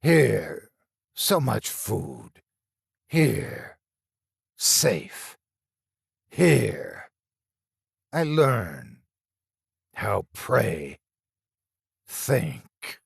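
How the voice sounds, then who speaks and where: A man voicing a taunting inhuman creature in a horror story, speaking in slow, broken, rasping phrases with a hiss and wheeze. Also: lowish voice, very animated, no room sound, studio quality, heavily acted. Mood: menacing.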